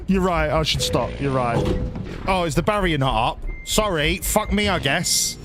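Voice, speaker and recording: A man chatting away on a live stream, sweary and rambling, his fairly high voice swinging up and down with lots of life. Behind him there's a steady wash of vehicle and road noise from the game. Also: normal speed. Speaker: hobby streamer. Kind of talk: casual live-stream chat to viewers while gaming.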